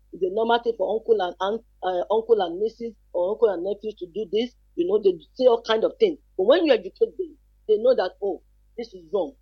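Husky advocate, emphatic. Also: mid-range voice, dry recording, dull audio. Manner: emphatic, repeats key points, asks rhetorical questions. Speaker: child protection advocate, guest. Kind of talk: earnest advice on a talk show.

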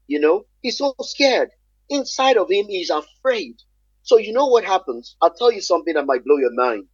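Man, husky and slightly high, earnest emphatic talker, dry dull lo-fi sound. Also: sing-song, moderate pace, no echo. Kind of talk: conversational discussion.

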